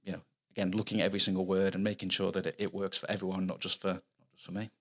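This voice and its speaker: A man's voice: low-pitched, flat delivery, very fast, fairly bright tone. A middle-aged man with a Mancunian accent, chatting earnestly as a guest author in a casual podcast interview. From Manchester, England. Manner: chatty, earnest, explains at length with restarts.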